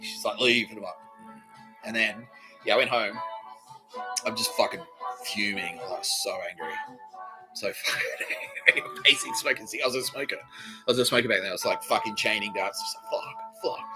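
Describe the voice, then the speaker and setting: A man's voice: on the low side, moderate pace, long pauses, poor audio. A man hosting his own podcast, telling a rambling, profane story with agitated energy and frequent laughter. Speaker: podcast host. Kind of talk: rambling solo comedy monologue. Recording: music playing clearly behind.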